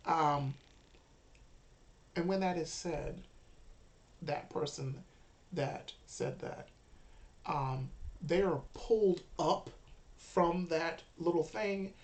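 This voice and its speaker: A woman's voice: on the low side, slow, long pauses, darkish tone. A woman running a live-streamed tabletop role-playing game as game master, narrating with sudden dramatic outbursts.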